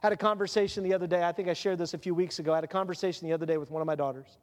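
A man's voice: high voice, steady tone, very fast, in a large hall. A middle-aged man preaching an earnest, confessional sermon as pastor.

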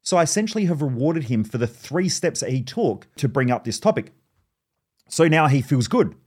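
A man's voice: a little high, moderate pace, breathy edge. Blunt man telling stories. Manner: blunt, profane, animated storytelling. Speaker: podcast host. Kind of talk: podcast monologue.

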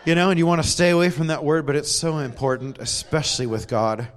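A man's voice: fairly high pitch, steady tone, fast talker. A man giving a conversational sermon in a church, telling stories with self-deprecating humor and laughs. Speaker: preacher.

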